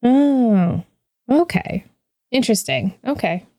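A woman's voice: fairly high pitch, lively intonation, slow pace, mellow, no echo, clean studio sound. A woman co-hosting a podcast, chatting casually with many fillers and reading lore text aloud. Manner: chatty, filler-heavy, laughs often. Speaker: podcast co-host.

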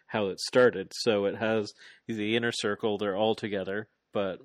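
A man co-hosting a casual podcast, recapping a wrestling match in a rambling, animated play-by-play full of fillers. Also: fairly low pitch, moderate pace, no room sound. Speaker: podcast co-host.

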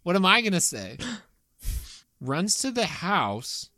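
Bright-voiced woman recapping a movie. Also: lowish voice. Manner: quick, animated retelling with frequent restarts. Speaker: podcast co-host. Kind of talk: casual movie recap chat.

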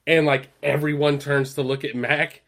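A man co-hosting a podcast, rambling through a sitcom episode in a casual chat, with many fillers and louder acted-out quotes. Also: on the high side, little pitch movement, moderate pace. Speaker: podcast co-host.

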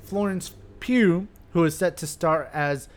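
A podcast co-host chatting casually, animated, often restarting sentences. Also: mid-range voice, unhurried. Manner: animated, restarts sentences, reads quotes aloud. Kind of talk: casual chat.

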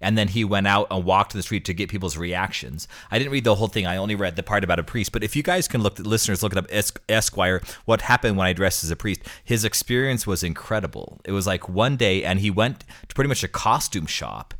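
A deep-voiced man in his thirties chats casually about his experiences as a priest. He rambles a little, restarting sentences and repeating words as he goes. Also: lively intonation, quick pace, few pauses, fairly bright tone. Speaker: priest co-host. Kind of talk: casual storytelling chat.

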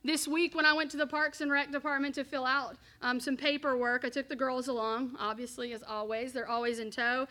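A woman pastor preaching a sermon and telling a personal story, in an earnest, measured way. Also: high-pitched, flat delivery, sharp tone.

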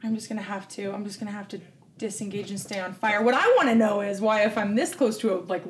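A woman's voice: medium pitch, fast, a little hiss or hum. A woman playing a tabletop game, chatty and a bit anxious, asking the game master questions. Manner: chatty, self-deprecating, anxious. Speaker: player. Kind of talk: casual tabletop play.

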